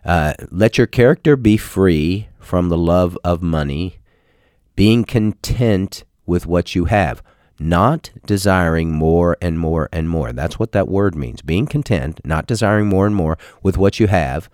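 An older man leads a call-in radio show as pastor, his voice sitting very low. He talks in a folksy, halting way, full of small pauses. The sound is dry and close. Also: expressive, a little mellow, no room sound. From Texas. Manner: folksy, halting with many uh fillers. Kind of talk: radio talk with scripture teaching.

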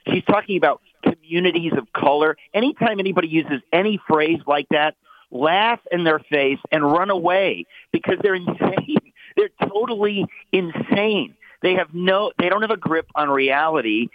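Middle-aged man, fairly high voice, heated mocking commentary, phone-line sound, dry. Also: no room sound. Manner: emphatic, mocking, repeats words. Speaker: guest author. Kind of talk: heated talk show commentary.

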